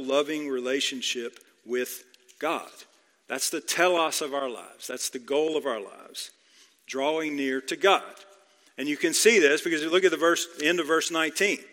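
A man preaching a verse-by-verse sermon, his voice bright and forceful as it rings through a large church hall. He drives his points home by repeating phrases and asking the congregation questions. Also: on the high side. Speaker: pastor. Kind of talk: expository sermon. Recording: long hall reverb.

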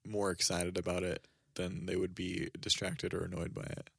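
A male podcast co-host speaks in a very deep voice with a gravelly fry, close and dry. He is agreeable, often chiming in with short affirmations while the other man talks. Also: completely flat delivery, normal speed, no echo. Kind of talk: casual podcast conversation.

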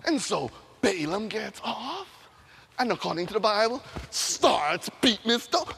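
A man's voice: sits high, big pitch swings, unhurried, vocal fry, pushed and bright, husky. A man preaching a sermon, retelling a scripture story animatedly with sound effects and frequent laughter. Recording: long hall reverb.

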